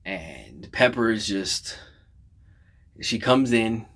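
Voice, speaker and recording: A man with a slightly low voice gives an emotional, rambling reaction to a film he just saw. He retells scenes casually, full of fillers, restarts and self-corrections. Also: lively intonation, takes it slowly, a bit bright. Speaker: movie reaction vlogger. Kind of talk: casual spoken movie reaction.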